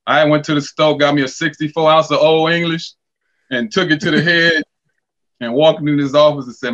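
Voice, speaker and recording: A man's voice: on the high side, fairly quick, highs cut off. A middle-aged man and former basketball player, a podcast guest telling profane stories casually and acting out the dialogue. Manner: profane, animated, acts out dialogue. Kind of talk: casual storytelling.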